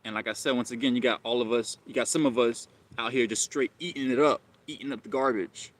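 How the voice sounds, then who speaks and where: A man's voice: mid-range voice, fairly even intonation, fast talker. A man hosting a live stream, talking casually and rambling, often repeating himself and calling listeners bro.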